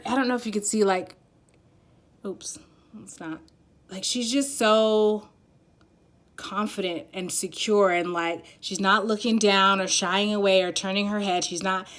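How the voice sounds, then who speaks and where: A woman's voice: medium pitch, fairly bright tone. A woman giving a casual pick-a-card tarot reading, rambling and giggly as she searches for words.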